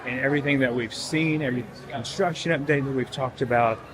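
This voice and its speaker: Male vlogger, excited chatty walk-and-talk, busy crowd behind him. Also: mid-range voice, fairly quick. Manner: excited, chatty, addresses viewers as guys. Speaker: theme park vlogger. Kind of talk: walking vlog narration. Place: outdoors at a crowded theme park event.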